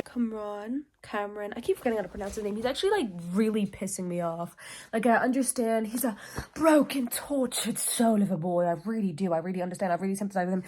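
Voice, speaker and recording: A woman's voice: mid-range voice, animated, brisk, a bit bright, a little hiss or hum. A young woman chatting casually about a book she loves, gushing and dramatic, often breaking into laughter and reading quotes aloud. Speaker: book vlogger. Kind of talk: casual book review chat.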